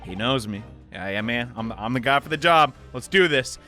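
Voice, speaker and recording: A man's voice: medium pitch, animated, moderate pace, pushed and bright, soft background music. A man giving jokey, exclaiming commentary while playing through a game. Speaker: let's play host.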